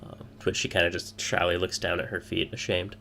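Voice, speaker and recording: A man with a fairly low voice narrates a tabletop fantasy game as game master. He pauses often and fills the gaps with ums and uhs. A faint hum runs underneath. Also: level tone, creaky, pushed and bright. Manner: hesitant, filler-heavy.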